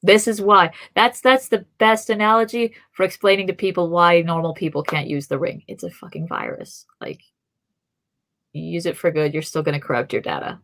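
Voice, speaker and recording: A woman's voice: on the low side, normal speed, a bit bright. A young adult woman co-hosting a podcast, chatting casually and thinking aloud with fillers and restarts. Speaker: podcast co-host. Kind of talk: casual chat.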